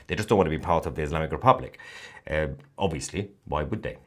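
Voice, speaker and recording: A young man hosting a live commentary stream, reading viewer comments and answering with sarcastic, animated asides and lots of filler restarts. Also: a bass voice, fast talker. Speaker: host.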